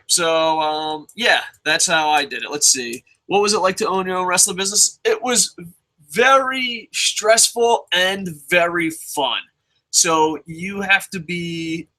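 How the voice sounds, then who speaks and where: Young male vlogger, slightly high, bright voice, blunt and profane, rambling. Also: rough recording. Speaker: vlogger answering viewer questions. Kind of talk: casual advice monologue.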